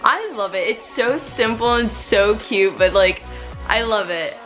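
A woman's voice: fairly high pitch, a little slow, fairly bright tone, faint music behind. Bubbly, chatty young woman vlogger. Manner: bubbly, chatty, full of "like" and "oh my gosh". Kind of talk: casual vlog chat.

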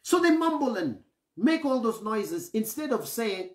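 A man delivers a sermon with a pitch that swings widely, rising and dropping as he makes each point. He keeps pausing to ask whether the congregation is following him. His voice echoes around a reverberant hall. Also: big pitch swings. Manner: asks the congregation for assent often; acts out grumbling voices to illustrate. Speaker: preacher.

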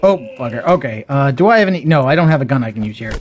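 A man's voice: mid-range voice, expressive, racing, dull audio, background noise. A man hosting a let's play, thinking aloud with wry, self-deprecating commentary as he plays. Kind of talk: casual gameplay commentary.

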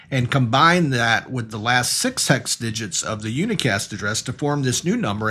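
Guy w a husky voice teaching a tech lesson, walks thru each step, mid pitch. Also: a bit bright. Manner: explanatory, talks through diagrams step by step. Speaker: networking instructor. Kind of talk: recorded technical lesson.

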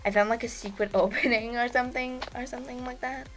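A woman giving casual, excitable gameplay commentary as host of her gaming channel, giggling and squealing with delight. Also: fairly high pitch, quick pace, soft background music.

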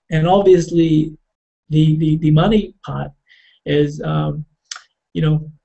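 A man telling a personal story in a halting, reflective way, with many fillers and restarts. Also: fairly high pitch, gravelly, mellow, lo-fi sound.

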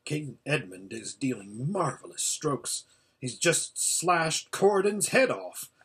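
A man voicing an old hermit who calls out a distant battle as he watches it, in a steady, hushed running report. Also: on the high side, takes it slowly, husky, heavily acted. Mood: intent.

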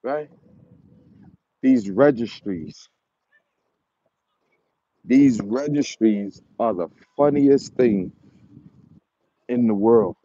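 A man's voice: mid-range voice, drawn-out words, pauses often, warm tone, a little hiss or hum. A man who breeds dogs, ranting at his viewers in a taunting, repetitive, mocking way with chuckles. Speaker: dog breeder. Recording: dull lo-fi recording.

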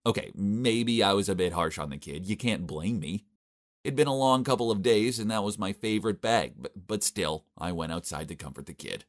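A young man narrating an animated story in a complaining, exasperated manner. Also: on the low side, moderate pace.

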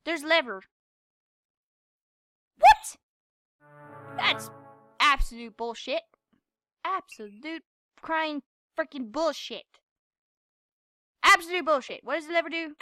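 A young woman playing a game and commenting, frustrated, swearing and yelling at it. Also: high-pitched, measured pace, pauses often, soft background music. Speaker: gamer. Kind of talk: gameplay commentary.

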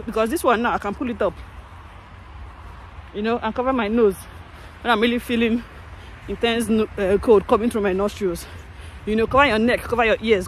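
A woman's voice: fairly high pitch, a little hiss or hum. A woman, chatting casually to her viewers in a vlog and laughing often, recorded outdoors in winter on a phone. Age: 30s. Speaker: vlogger. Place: outdoors in winter, streets and snow.

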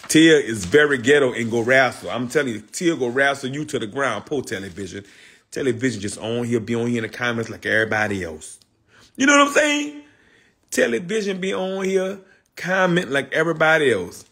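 A man's voice: medium pitch, fairly bright tone, husky. A man hosting a casual livestream, talking in loose street slang, repeating himself and calling out viewers by name. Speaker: livestream host.

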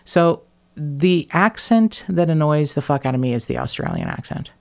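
A woman hosting a podcast in casual chat, talking in an animated, blunt way, swearing freely and laughing between words. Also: low voice, normal speed, vocal fry. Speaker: podcast host.

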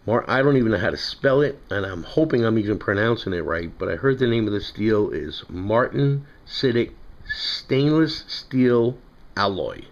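Casual New York guy, lower pitch, rambling product-review talk, muffled lo-fi sound. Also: lively intonation, normal speed. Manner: rambling, chatty, self-correcting. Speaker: knife collector reviewing knives.

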